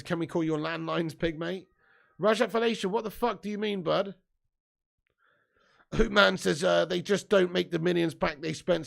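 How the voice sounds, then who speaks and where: Bloke doing a footy watch-along stream, kinda high voice, loose and sweary, reading chat out. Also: male voice, vocal fry. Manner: casual, swears freely, reads viewer comments aloud. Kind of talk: live football commentary and chat reading.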